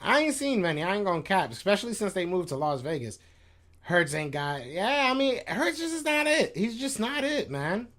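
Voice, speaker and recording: A man's voice: high voice, big pitch swings, normal speed, a bit bright. A man hosting a sports podcast live stream, venting in a frustrated, slangy, repetitive casual rant. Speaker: podcast host reacting to chat.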